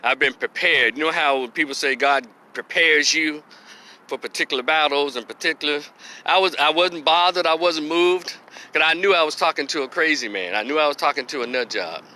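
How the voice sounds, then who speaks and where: A man telling a personal story, animated, laughing and acting out the voices of the people in it. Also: a little high, fairly quick. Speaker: vlogger. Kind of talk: casual storytelling vlog.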